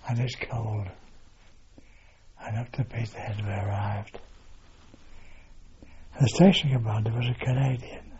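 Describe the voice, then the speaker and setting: An older man recounting his wartime service in an oral history, halting with fillers and mild swearing. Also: fairly low pitch, crowd noise. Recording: dull lo-fi recording with steady noise.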